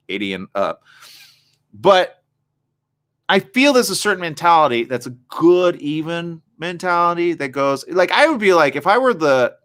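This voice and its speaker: A man hosting a live online morning show, chatting casually and reading viewer comments in a rambling way, often checking in with his audience. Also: mid-range voice. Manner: rambling, animated, asks the audience "you get it?".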